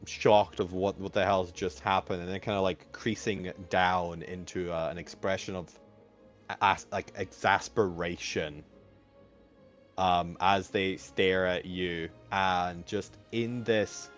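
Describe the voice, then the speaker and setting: Low-voiced man narrating a tabletop game. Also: fairly even intonation, slow pace, fairly bright tone, soft background music. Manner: rambling, many fillers and restarts. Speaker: game master.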